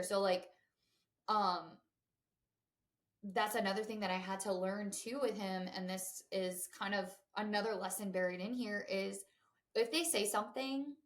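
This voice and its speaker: A woman. She's candid and chatty, tossing in fillers and side remarks, in a voice of ordinary pitch for a woman. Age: 20s. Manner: chatty and candid, lots of fillers and asides to listeners. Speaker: podcast host. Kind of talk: casual chat.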